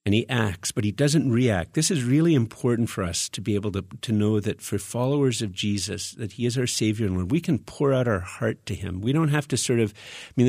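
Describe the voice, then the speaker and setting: Male preacher, low gravelly voice, earnest and conversational, reads verses then explains them, dry close sound. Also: darkish tone, dry recording. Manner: conversational, restarts often, earnest. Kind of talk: teaching sermon reading scripture.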